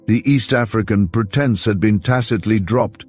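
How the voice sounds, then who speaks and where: A male audiobook narrator with a very deep voice, telling the story in a measured, steady way. Soft music plays faintly underneath.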